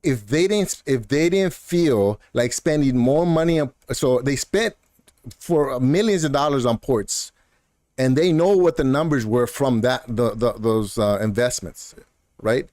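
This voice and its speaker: A man's voice: mid-range voice, dry recording. Heated, chatty streamer man, dry close sound. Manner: argumentative, talks straight to a viewer in chat, repeats "bro" and "man"; animated and heated, with quick laughs. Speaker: gaming streamer. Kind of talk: casual live-stream rant.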